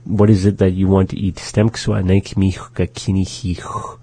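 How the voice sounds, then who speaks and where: A man hosting a radio language lesson, repeating each phrase slowly and carefully. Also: low voice, flat delivery, mellow, breathy edge. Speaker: language teacher and radio host. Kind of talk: slow instructional language lesson.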